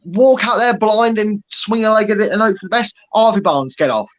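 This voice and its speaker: Exasperated football fan, high voice, blunt and sweary ranting. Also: male voice, lively intonation, brisk, fairly bright tone, lo-fi sound. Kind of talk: angry fan rant.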